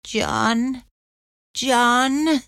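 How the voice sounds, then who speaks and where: A woman voicing a frail older mother on her sickbed, speaking faintly, slowly and weakly. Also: a little high, very animated, a bit bright, clear, resonant tone, no echo, clean studio sound, pitched above the performer's own voice, exaggerated voice. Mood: dreamy, weak. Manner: faint, slow, weak speech. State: weak from illness.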